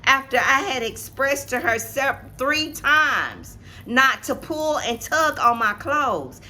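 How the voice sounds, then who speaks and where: A woman in her 50s from Atlanta, Georgia, co-hosts a casual vlog and tells a personal story straight to her viewers. Her high, expressive voice moves slowly with a sharp tone, and she's emphatic, repeating phrases as she goes. There's slight background noise.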